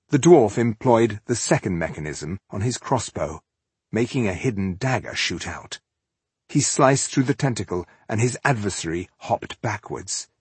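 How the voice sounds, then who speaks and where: A man narrating a fantasy story in a steady, measured way, recorded close and dry. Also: on the low side, husky, no echo. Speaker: audiobook narrator.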